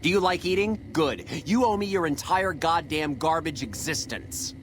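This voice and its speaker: A volatile, foul-mouthed chef , voiced by a man, bellows profane tirades at his kitchen staff. The voice sits in an ordinary middle male pitch, with a faint hiss under the game audio. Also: animated, moderate pace, lightly acted. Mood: raging.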